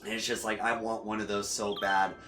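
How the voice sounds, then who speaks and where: A man streaming casual gameplay commentary who rambles with many fillers and restarts and gets excited and loud about cars. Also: on the low side, a little fast, slight background noise.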